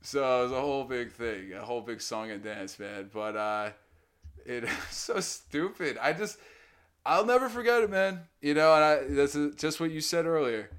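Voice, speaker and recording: A man talks loosely on a podcast, his voice in a middle range. He fills his talk with "you know" and "man" and drops a casual curse here and there. When he gets into a story he turns loud and lively. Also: moderate pace, clean tone. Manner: animated storyteller who acts out quotes with loud pitch jumps. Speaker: podcast co-host.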